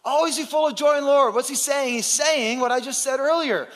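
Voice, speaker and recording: A male pastor with a notably high voice gives a sermon to his congregation. He preaches in an emphatic, conversational way, tossing out questions to the room. His voice carries a long reverb from the church hall. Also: a little fast, a bit bright.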